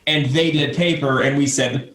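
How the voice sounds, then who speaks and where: A man from Texas co-hosting a casual podcast chat, cracking deadpan jokes. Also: fairly high pitch, normal speed, a crowd in the background. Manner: joking, deadpan bits. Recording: echoey room.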